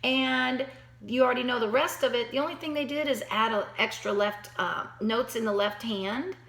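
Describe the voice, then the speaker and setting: A woman's voice: a little high, moderate pace, gravelly, a bit bright. A woman giving a piano lesson, talking straight to her student in an encouraging way, thinking aloud and counting beats. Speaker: piano teacher. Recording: roomy echo.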